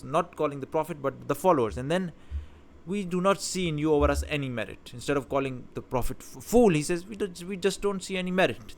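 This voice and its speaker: A man teaching about scripture in a talk, stressing key words with emphasis and often restarting his phrases. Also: fairly high pitch. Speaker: religious teacher.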